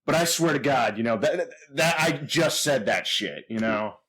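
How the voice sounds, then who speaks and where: A man's voice: medium pitch, animated, normal speed, fairly bright tone, husky. A man playing a tabletop game, rambling and swearing in casual talk. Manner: rambling, swears, many fillers. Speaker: player.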